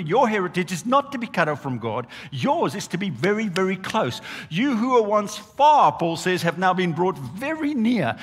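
A male pastor preaching a sermon, emphatic and animated, driving points home with repeated phrases. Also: high voice, slightly rough, in a large hall.

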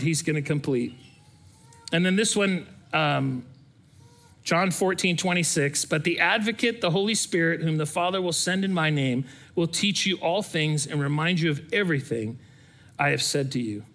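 A middle-aged man preaching a sermon in an earnest, conversational way. His voice sits a little higher than most men's. He leans on plain storytelling rather than grand oratory. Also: fairly bright tone. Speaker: pastor.

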